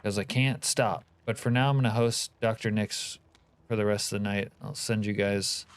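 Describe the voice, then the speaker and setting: A man hosts a livestream, reading and answering live chat while trading profane, joking banter with viewers. His voice is fairly low, clear and resonant, with a steady tone at a moderate pace.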